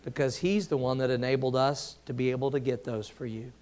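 A man's voice: mid-range voice, fairly even intonation, fairly quick, darkish tone. A man preaching a sermon in a conversational way, with many restarts and emphatic questions to the congregation. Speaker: pastor.

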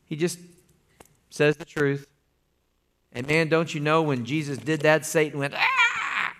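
A man's voice: on the high side, steady tone, unhurried, fairly bright tone. A man preaching a sermon as pastor, folksy and calling on the congregation to answer back. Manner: folksy, calls for congregation responses.

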